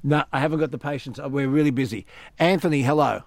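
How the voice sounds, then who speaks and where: An Australian man hosts a talkback radio show, chatting casually and leaning on repeated phrases to land a point. His voice sits at an ordinary middle pitch. It sounds close and dry, with no room around it. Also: quick pace, vocal fry, darkish tone, no echo. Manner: storytelling, emphatic repeats. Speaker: radio host.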